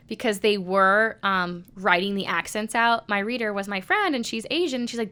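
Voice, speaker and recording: A woman's voice: mid-range voice, normal speed, pushed and bright, clean tone. A woman co-hosting a podcast, chatting casually and animatedly, swearing now and then. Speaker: podcast co-host. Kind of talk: casual chat.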